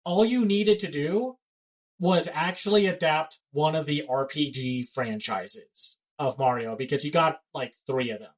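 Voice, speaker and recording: A man's voice: on the high side, poor audio. A man co-hosting a casual pop culture podcast, blunt and given to ranting. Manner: blunt, ranting, fast-talking. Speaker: podcast co-host.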